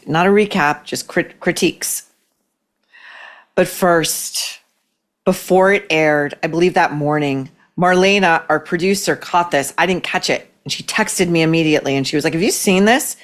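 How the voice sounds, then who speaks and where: Sarcastic low-voiced woman host. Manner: sarcastic, cutting. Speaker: podcast host. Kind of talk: opinionated commentary.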